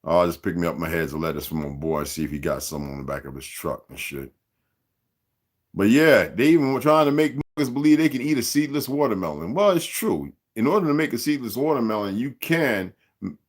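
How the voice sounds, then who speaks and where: A man's voice: on the low side, animated, brisk. A man in his sixties hosting a livestream, speaking in a rambling, profane, streetwise rant aimed straight at his viewers and chat. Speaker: livestream host.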